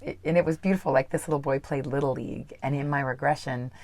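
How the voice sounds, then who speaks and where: A woman's voice: very deep voice, steady tone, fast talker, darkish tone, dry recording. A middle-aged woman guest telling her story earnestly in a conversational interview, laughing now and then.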